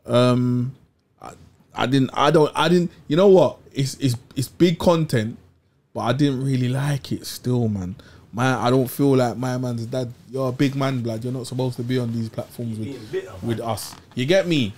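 A man's voice: mid-range voice, moderate pace. A man co-hosting a casual podcast, talking in slang and often repeating his words. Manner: interrupting, repeating himself, relaxed slang. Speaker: podcast co-host. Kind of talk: casual banter.

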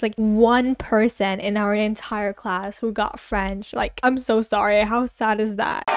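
A teenage girl chatting casually over her building game, tired, rambling and self-mocking. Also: a little high. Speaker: gaming YouTuber. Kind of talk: casual gameplay commentary.

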